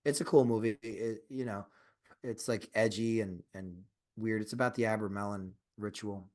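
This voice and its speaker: A man's voice: on the low side, fairly even intonation, moderate pace, a little mellow. Rambling, cursing man on a podcast. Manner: rambling, profane, with frequent restarts and fillers; grows emphatic and insistent when arguing a point. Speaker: podcast co-host. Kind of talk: casual conversational chat.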